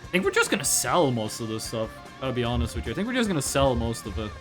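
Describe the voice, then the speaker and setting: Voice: medium pitch, big pitch swings, fast talker, over music. A streamer chatting casually and rambling over gameplay, swearing freely and jumping between topics.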